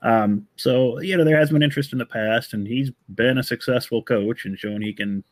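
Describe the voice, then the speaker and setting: A man's voice: medium pitch, normal speed, no room sound. A man co-hosting a casual sports chat, thinking aloud with lots of "you know".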